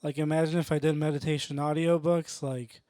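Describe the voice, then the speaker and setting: A young man doing stand-up in a slow, drowsy way. His voice sits a little high, and the sound is dry and close. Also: fairly even intonation, darkish tone, no room sound. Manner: sleepy, drowsy-sounding delivery. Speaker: stand-up comedian. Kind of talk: stand-up set. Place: comedy club stage.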